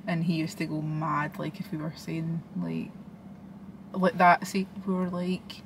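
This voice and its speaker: A young Scottish woman chatting as a guest, relaxed and conversational, with the odd swear. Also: low-pitched, a little slow, noisy background. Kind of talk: casual chat.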